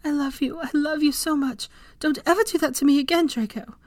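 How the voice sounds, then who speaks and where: A woman voicing a tearful young woman who pleads with her wounded love in breathy, trembling words. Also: high-pitched, brisk, a little mellow, no echo, pitched above the performer's own voice, close to an everyday voice. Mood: tearful pleading. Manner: breathy, trembling pleas, some in whispers.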